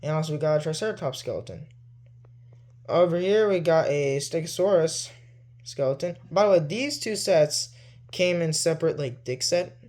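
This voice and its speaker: A man's voice: a little high, moderate pace, a little mellow. A man showing off his toy collection in a loose, rambling way, with plenty of "like" and "you know". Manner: loose and easygoing. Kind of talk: casual show-and-tell.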